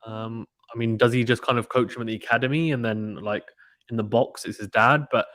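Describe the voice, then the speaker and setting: Male streamer, casual excitable play-by-play, dry booth sound. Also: medium pitch, a little fast, no echo. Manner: chatty, excitable, uses British slang. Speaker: live tennis stream commentator. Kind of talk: casual live play-by-play commentary reading chat.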